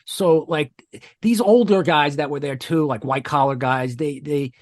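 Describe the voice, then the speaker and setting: A man's voice: on the high side, a little slow, no room sound. Profane man telling a rambling story. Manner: rambling, profane, many restarts. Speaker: podcast guest. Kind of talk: casual storytelling.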